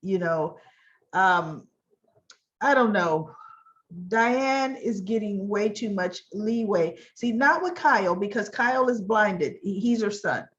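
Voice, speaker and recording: A woman talks through the latest soap episode in a loose, chatty way, acting out the characters' lines as she retells each scene. Her voice sits at a middle pitch. The recording sounds dull and lo-fi. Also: expressive, takes it slowly, fairly bright tone. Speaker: soap opera recap vlogger. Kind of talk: casual spoken episode recap.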